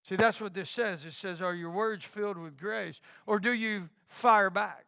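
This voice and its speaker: Middle-aged guy preaching, really high voice, bright and kinda gravelly, stacks up questions one after another. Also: a little slow, dry recording, clean studio sound. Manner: repeats rhetorical questions with rising emphasis. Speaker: pastor. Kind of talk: sermon.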